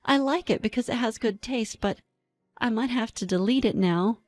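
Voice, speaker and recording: A woman's voice: moderate pace, no echo, natural voice. Woman voicing a meek, flustered young mom. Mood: shy. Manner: high, breathless and apologetic.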